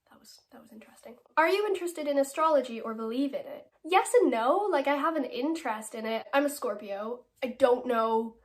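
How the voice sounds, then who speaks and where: A young Irish woman in her late teens, an actress working through fan questions. She has a slightly high voice, rambles cheerfully and giggles often between answers. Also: animated, moderate pace, few pauses. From Ireland. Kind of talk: casual Q&A.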